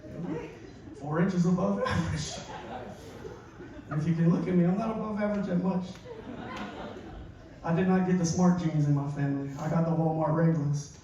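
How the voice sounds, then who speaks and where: A man's voice: fairly high pitch, steady tone, moderate pace, pauses often, noisy background. A man, doing a self-mocking stand-up comedy set and chuckling at his own stories. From Louisiana. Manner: laid-back, self-mocking storytelling with chuckles. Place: large theater stage. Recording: echoey hall recording from far off. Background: audience laughter.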